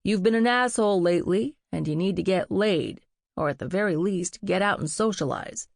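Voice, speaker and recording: A woman doing wry young friend Bass. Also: expressive, normal speed, creaky, no room sound, clean studio sound. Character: wry young man, a bossy best friend.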